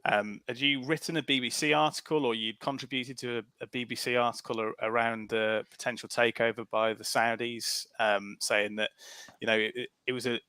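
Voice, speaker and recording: A man with a Black Country accent hosting a football podcast, asking questions with many pauses and restarts. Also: mid-range voice, steady tone, bright, forceful tone, smooth, dry recording. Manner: hesitant, many ums and restarts. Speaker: podcast host. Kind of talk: podcast interview.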